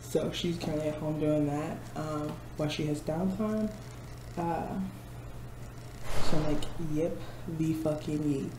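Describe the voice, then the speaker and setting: A vlogger in her twenties from Missouri chats casually to camera from her office at work, laughing a lot and mimicking people. Her voice sits low and unhurried, with frequent pauses. The office sounds roomy with faint ambience, and there's background noise.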